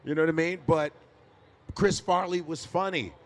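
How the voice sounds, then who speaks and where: A man's voice: a little high, steady tone, moderate pace. A man from Chicago, a stand-up comedian telling stories as a guest on a live podcast, swearing freely and laughing often. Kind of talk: casual interview chat.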